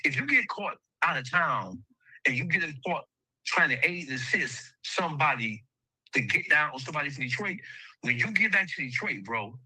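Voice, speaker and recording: Male interview guest; blunt and emphatic, sharp raspy voice, dry close mic. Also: on the high side, animated, normal speed, no echo, poor audio. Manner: blunt, emphatic, heavy cursing. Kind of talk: interview storytelling.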